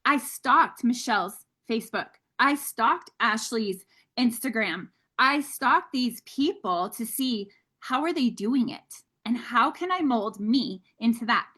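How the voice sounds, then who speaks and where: A woman with a fairly high voice leads a motivational training for her sales team. She talks energetically and candidly, calling her listeners guys. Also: lively intonation, takes it slowly, sharp tone.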